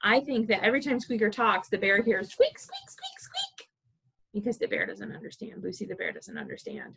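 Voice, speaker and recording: A woman librarian reading a picture book aloud to preschoolers, animated and playful, asking the children questions as she goes. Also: medium pitch, fast talker, creaky, breathy edge, low-quality recording.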